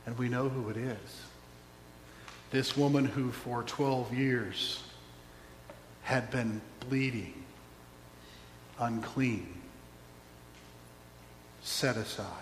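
A man with a medium-pitched voice preaches a sermon, drawing out words and leaving long pauses as he tells a story, acts out its voices and adds wry asides. The recording has a long echo from a roomy hall and a faint hum.

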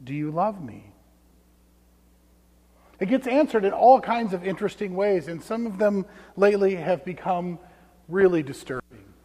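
Male pastor, high voice, conversational sermon with hushed asides, echoing sanctuary. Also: moderate pace. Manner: conversational storytelling, dropping to hushed tones for emphasis. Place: church sanctuary. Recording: long church reverb.

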